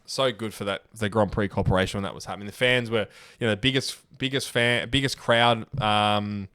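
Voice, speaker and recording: A young man co-hosts a podcast in relaxed chat, wandering through memories and restarting his sentences often. He is recorded close and dry. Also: lowish voice, a little fast, smooth, no room sound. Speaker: podcast co-host. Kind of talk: casual chat.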